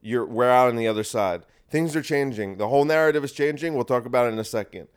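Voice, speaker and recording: A man's voice: medium pitch, fast, smooth. A man hosting a podcast, talking in a rambling, crude and sarcastic monologue with frequent restarts. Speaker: podcast host. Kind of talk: casual monologue.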